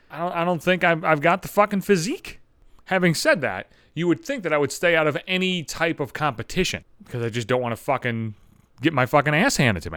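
A man's voice: a little high, fairly bright tone, no room sound. A man in his thirties ranting in a profane, self-deprecating comic monologue, exasperated and swearing constantly. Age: 30s.

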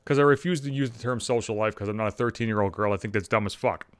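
A man hosting his own podcast, telling rambling comedic stories, profane and animated. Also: fairly low pitch, quick pace, smooth, no room sound. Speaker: podcast host. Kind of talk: comedic storytelling monologue.

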